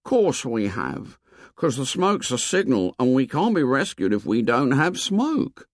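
A man's voice: mid-range voice, very animated, a little slow, no echo, studio quality, voice pushed up. A man voicing an earnest, short-sighted boy who speaks eagerly and hastily, trying to please. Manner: eager, placating, hasty.

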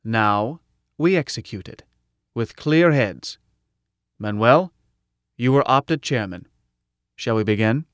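A man voicing a firm, measured old professor. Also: medium pitch, expressive, smooth, no echo, studio quality. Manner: measured and formal. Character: calm, firm older male professor. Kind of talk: audiobook narration.

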